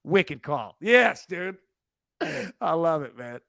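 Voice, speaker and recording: A high-voiced man hosts a sports betting show with energetic, rambling banter. He jokes constantly as he runs through his picks. The sound is dry and close. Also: slow, vocal fry, no room sound. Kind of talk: casual sports betting chat.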